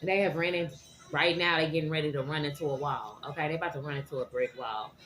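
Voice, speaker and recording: A woman giving a tarot reading to her viewers, animated and dramatic, often checking in with "okay?". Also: low voice, fast talker. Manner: animated, keeps asking "okay?". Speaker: tarot reader.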